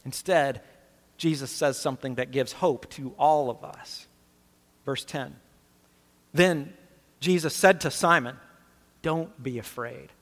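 A man's voice: medium pitch, slow pace, long pauses, fairly bright tone. Earnest male preacher in a reverberant hall. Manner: earnest, emphatic preaching with rhetorical questions. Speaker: pastor. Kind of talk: sermon. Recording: long reverb of a large hall.

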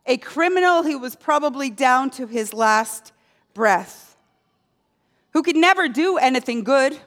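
A woman preaching a sermon, telling a story slowly and letting key words fall low and quiet.

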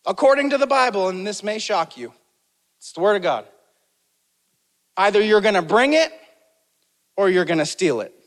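A man's voice: high-pitched, sing-song, moderate pace, pauses often, a bit bright. A man preaching a sermon as pastor, emphatic, repeating key phrases and calling on the congregation to respond. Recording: long hall reverb.

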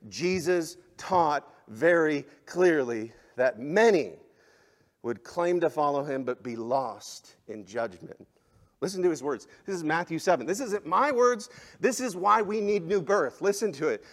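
A male pastor preaching a sermon, swinging between loud, emphatic exhortation and hushed, soft passages. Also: on the high side.

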